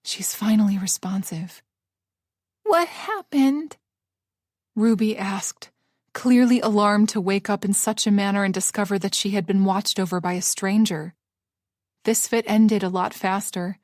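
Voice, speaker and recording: A woman narrating a novel aloud in a measured, even audiobook style. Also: medium pitch, dry recording, clean studio sound.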